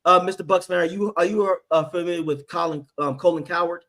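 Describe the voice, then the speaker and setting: A man's voice: high-pitched, a little fast, fairly bright tone. A man hosting a sports reaction stream, ranting with fired-up, profane energy. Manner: fired up, profane, ranting, mocks people in put-on voices. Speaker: host. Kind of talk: heated sports reaction chat.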